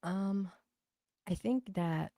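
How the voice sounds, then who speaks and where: A woman's voice: mid-range voice, very slow, warm tone, no room sound, studio quality. A woman from New Bedford with a Boston accent, a livestream host chatting casually and bluntly with viewers, swearing and gossiping as she reads comments. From New Bedford, Massachusetts.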